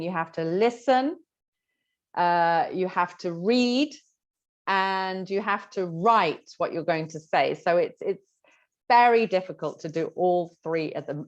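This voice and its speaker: A woman's voice: on the low side, highs cut off. A woman teacher giving exam tips in a chatty way, explaining through examples with frequent fillers. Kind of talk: exam tips lesson to camera.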